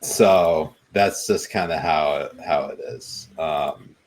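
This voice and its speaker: A man's voice: rumbling low, takes it slowly, a little mellow. A man co-hosting a podcast, chatting casually and laid-back with plenty of ums. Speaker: podcast co-host. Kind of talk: casual chat.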